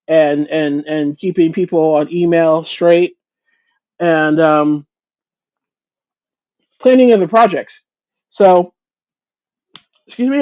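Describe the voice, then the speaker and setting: A woman's voice: lowish voice, warm tone, muffled recording. A woman hosting a casual crochet chat livestream, greeting viewers by name, chatty and self-deprecating, often restarting her sentences. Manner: frequent restarts and stumbles.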